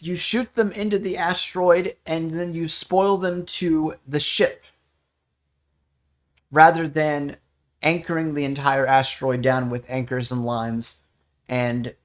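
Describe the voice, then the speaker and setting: A man talks through how a game works in a loose, rambling way, often stopping to correct himself. His voice sits a little high, and his tone stays playful. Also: fairly bright tone. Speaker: player giving a game overview. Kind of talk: casual explanatory chat.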